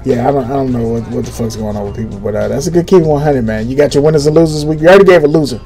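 A man co-hosting a casual, profane podcast chat, animated and jumping up into acted quotes. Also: mid-range voice, rapid-fire, music in the background. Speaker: podcast co-host.

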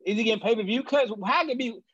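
A man co-hosting a casual chat show, asking lots of questions in a lively way with halting restarts. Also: extremely high pitch, slightly rough, muffled recording. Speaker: podcast co-host.

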